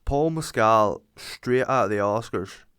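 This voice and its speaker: A young Irish man hosting a podcast, rambling excitably, swearing and acting out imagined conversations. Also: on the low side, measured pace, clean tone, no echo, studio quality. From Ireland. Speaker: podcast host. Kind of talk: casual monologue.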